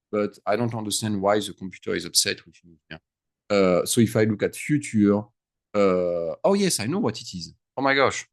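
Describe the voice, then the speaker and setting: Low-voiced man teaching. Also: no echo. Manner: chatty, thinks aloud, mixes French into English. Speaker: French teacher. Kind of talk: screen-share grammar lesson.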